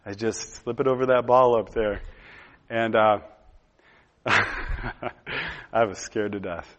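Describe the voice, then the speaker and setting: A man's voice: on the low side, steady tone, takes it slowly, muffled recording, background noise. Man in his thirties telling a sermon story. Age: 30s. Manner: conversational storytelling with frequent "uh" and "and". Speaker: preacher. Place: room with a gathered audience.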